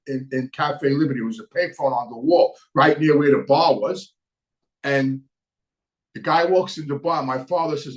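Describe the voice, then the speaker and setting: A man's voice: a little high, low-quality recording. A man, telling stories in a rambling, casual way, with frequent restarts and tag questions. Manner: rambling, frequent restarts and "right?" tags, laughs at his own story. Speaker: show host, former mobster telling stories. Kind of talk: casual storytelling monologue.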